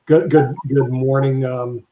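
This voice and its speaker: A man's voice: medium pitch, level tone, unhurried, reverberant, muffled recording. A man hosting a live online panel, introducing guests with jokes and rambling, repeated words. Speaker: show host.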